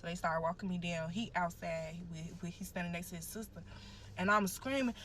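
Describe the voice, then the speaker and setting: Speaking a little fast, a young female guest recounts an emotional personal story with animation, cursing casually and frequently calling out "y'all" to listeners. Her voice is fairly low and fairly bright, with fairly even intonation.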